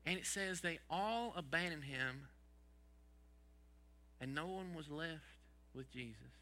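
A man's voice: on the high side, lively intonation, slow pace, pushed and bright. A man preaching a sermon as pastor, asking the congregation rhetorical questions and dropping folksy sayings.

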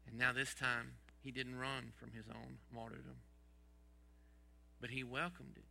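Man preaching, gravelly voice, sharp and forceful tone, rhetorical questions, folksy sayings. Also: medium pitch, flat delivery, measured pace. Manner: asks the congregation rhetorical questions. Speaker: pastor. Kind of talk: sermon.

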